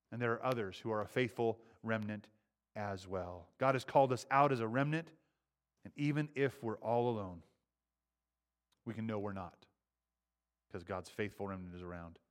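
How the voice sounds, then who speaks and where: A pastor preaching a sermon in a conversational style, often restarting phrases and rising emphatically on key lines. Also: male voice, medium pitch, fairly bright tone.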